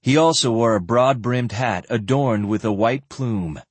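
A man narrating a fantasy novel aloud in an expressive storytelling manner. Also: medium pitch, unhurried, slightly rough, no room sound. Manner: expressive, even-paced storytelling. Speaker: audiobook narrator. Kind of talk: scripted narration.

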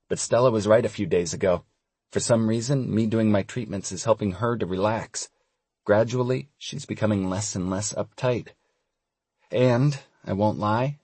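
A young man giving relaxed, wry first-person audiobook narration. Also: on the low side, breathy edge, dry recording.

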